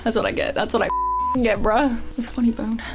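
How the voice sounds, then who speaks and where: A woman's voice: on the high side, steady tone, normal speed, music in the background. A young woman doing ASMR outtakes in whispered role-play, giggly and goofy, often breaking character. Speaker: ASMR creator.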